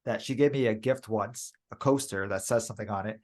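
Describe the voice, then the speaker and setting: A man co-hosting a podcast in casual chat, excitable, saying "dude" often and acting out quotes. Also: fairly low pitch, brisk. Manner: excitable, says "dude" a lot, acts out quotes. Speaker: podcast co-host.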